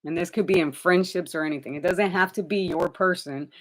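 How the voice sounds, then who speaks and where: A woman's voice: fairly low pitch, fairly quick. A woman giving live tarot readings to viewers, chatty and direct, addressing them by name and calling them honey. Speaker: tarot reader.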